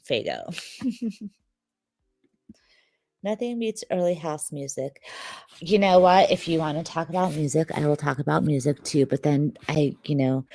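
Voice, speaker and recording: A woman's voice: fairly low pitch, a little mellow, no room sound. A sleepy woman, hosting a livestream and chatting casually with viewers, rambling and joking. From Detroit, Michigan, USA. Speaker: livestream host.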